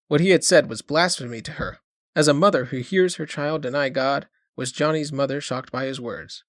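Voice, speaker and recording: A man reading a short story aloud as an audiobook narrator, in a measured storytelling manner. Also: mid-range voice, fairly bright tone, no room sound, clean studio sound. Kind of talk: scripted narration.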